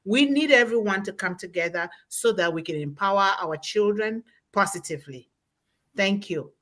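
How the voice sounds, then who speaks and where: A woman in her forties hosting a live online webinar, thanking people and reading out audience comments slowly and effusively over a computer mic. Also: medium pitch, a bit bright.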